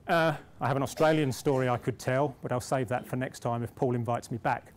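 A man's voice: medium pitch, fairly even intonation, brisk, slight background noise. A middle-aged British man speaking at a conference, telling a self-deprecating story with restarts before turning to his point. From Britain. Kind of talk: conference speech with anecdote. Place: conference hall.

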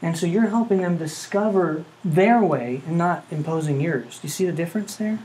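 A man's voice: fairly high pitch, moderate pace, darkish tone, poor audio. Earnest man lecturing to a class. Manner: earnest, asks rhetorical questions, hums melodies. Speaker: music professor.

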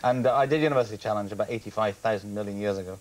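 A man in his thirties, a comedian and impressionist, telling animated anecdotes as a guest on a TV sofa and dropping into mimicked voices. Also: on the low side, very fast, poor audio. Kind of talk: chatty TV sofa interview. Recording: faint hiss of an old TV broadcast.

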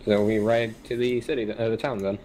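A man speaks plainly and briefly as a player in a tabletop game. His voice is on the low side, with a faint hiss behind it. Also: flat delivery, a little fast, dark tone, rough recording. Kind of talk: casual tabletop role-play.

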